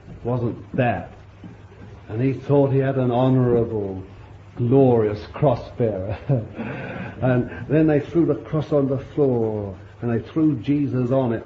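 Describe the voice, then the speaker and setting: A man preaching a sermon, telling the story vividly and swinging between loud appeals and hushed asides. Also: mid-range voice, slight background noise. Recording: echoey dull room recording.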